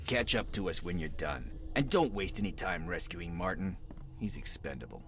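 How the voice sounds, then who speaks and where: A man's voice: deep voice, expressive, normal speed. A man voicing a menacing, callous male gang thug in a video game, barking threats and orders. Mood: cold.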